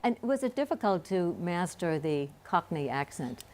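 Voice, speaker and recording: A woman's voice: fairly low pitch, big pitch swings, normal speed, a little mellow. A woman hosting a TV studio interview, attentive and encouraging, frequently murmuring agreement. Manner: attentive, backchannels often. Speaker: host.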